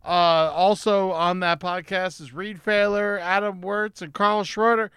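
Upbeat guy hosting a comedy pod from home, bright tone, slow and easy, dry sound. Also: sits high, smooth, no echo. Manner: upbeat, giggly, quick to laugh. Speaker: podcast host. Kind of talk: casual comedy podcast chat. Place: home setup during lockdown.

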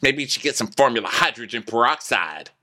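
Sassy man with a bright, lively voice. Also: medium pitch, a little fast. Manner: animated and sassy, mock-scolding asides. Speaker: podcast co-host. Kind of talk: casual reality TV recap chat.

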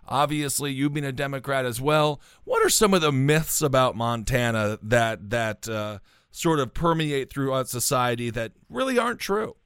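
Smooth-voiced joking male host, dry sound. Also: mid-range voice, lively intonation, normal speed, fairly bright tone, no room sound. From Wisconsin. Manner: playful, jokey asides. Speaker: show host. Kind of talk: casual interview chat.

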